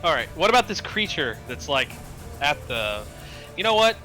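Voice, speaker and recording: A man chatting casually as a player at a tabletop game, excitable and quick to swear. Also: a little high, soft background music, poor audio.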